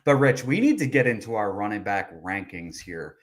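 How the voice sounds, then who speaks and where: A man's voice: lowish voice, very animated, normal speed. Matter-of-fact podcast co-host, a man. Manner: level, matter-of-fact, pushes back. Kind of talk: casual sports chat.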